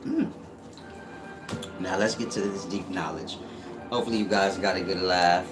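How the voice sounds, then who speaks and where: A man's voice: deep voice, fairly even intonation, moderate pace, music in the background. A man hosting his own channel, talking in a casual, slangy, joking monologue and laughing often. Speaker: channel host.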